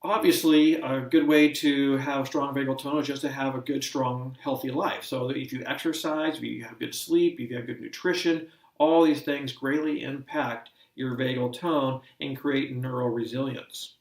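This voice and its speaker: A man lectures in a measured, explanatory way, the way an instructor walks a class through a topic. His voice sits at an ordinary pitch for a man. It is picked up from a distance in a space with a noticeable room echo. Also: steady tone, gravelly. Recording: roomy sound from a distant mic.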